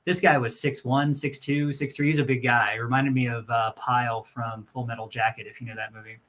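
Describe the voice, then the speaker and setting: A man's voice: mid-range voice, level tone, a little fast, fairly bright tone. A man co-hosting a casual live-stream chat, telling long rambling stories with many restarts. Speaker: co-host.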